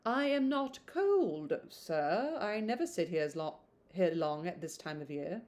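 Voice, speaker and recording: A woman's voice: on the low side, big pitch swings, slow pace, warm tone. Woman reading as a timid, hesitant young woman. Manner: hesitant, meek.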